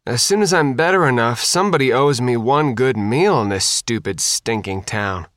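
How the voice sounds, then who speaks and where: A man's voice: medium pitch, lively intonation, moderate pace, a bit bright, dry recording, natural voice. A man reading an audiobook, voicing a tough, sarcastic teenage girl worn down by illness. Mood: sardonic. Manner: dry, sarcastic griping.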